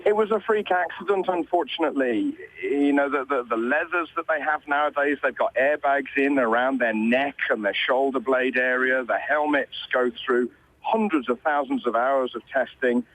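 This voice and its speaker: A man's voice: mid-range voice, normal speed, fairly bright tone, a little hiss or hum, poor audio. A British man who commentates on motorsport, heard over a radio link in a news interview. He talks conversationally, restarting his sentences often. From Britain.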